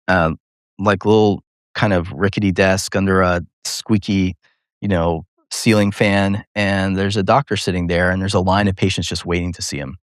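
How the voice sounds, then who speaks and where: A male neurosurgeon and podcast host telling a personal story in an interview, animated and laughing often, with many fillers. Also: sits low, clear, resonant tone, dry recording, studio quality.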